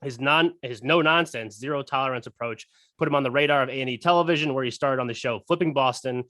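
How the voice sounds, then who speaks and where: A man's voice: mid-range voice, fast talker, a bit bright, dry recording. A man hosting a podcast from a studio, reading an introduction and bantering easily with his guest. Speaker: podcast host. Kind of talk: casual interview, read introduction.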